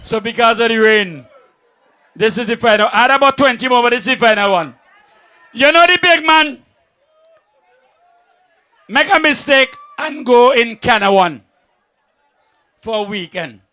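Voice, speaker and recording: A man with a Vincentian accent telling jokes at an outdoor event, a lively storyteller who laughs as he goes. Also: high voice, clean tone. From St Vincent and the Grenadines. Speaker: comedian at a political event. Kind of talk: joke telling.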